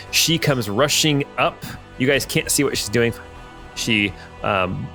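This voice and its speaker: A man running a tabletop game as game master, thinking aloud and often pausing with ums and restarts. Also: medium pitch, fairly bright tone.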